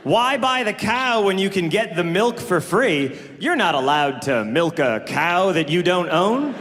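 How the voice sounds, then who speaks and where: A male stand-up comedian takes apart an idea in an incredulous, questioning way. His voice sits high and moves around a lot. The venue rings with a long reverb, with noise underneath. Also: lively intonation, measured pace. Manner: incredulous, questioning observational delivery. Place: comedy club stage.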